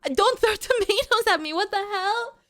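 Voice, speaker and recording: A woman's voice: extremely high pitch, expressive, normal speed, a bit bright. A woman streamer chatting casually with her live chat, playful and melodramatic, often pleading with viewers.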